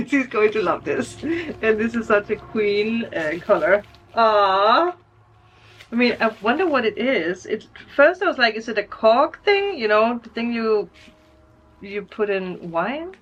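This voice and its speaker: A woman's voice: fairly high pitch, a bit bright. A woman vlogger chatting casually through an unboxing, emotional and laughing often.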